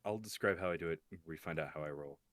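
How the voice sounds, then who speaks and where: A man playing a tabletop game, talking haltingly with many ums. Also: low voice, a bit bright, dry recording, studio quality. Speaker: player.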